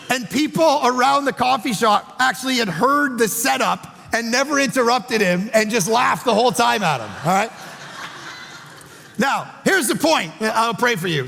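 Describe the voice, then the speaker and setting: A man preaching a sermon as pastor, telling a story with animated voices and then leading a prayer. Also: extremely high pitch, vocal fry. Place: large church auditorium. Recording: long hall reverb with faint music.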